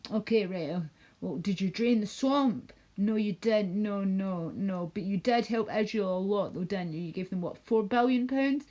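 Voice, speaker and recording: A woman's voice: mid-range voice, moderate pace, warm tone, highs cut off. A woman streaming live from home, ranting casually in a rambling, profane and mocking way. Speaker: livestreamer. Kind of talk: casual livestream rant.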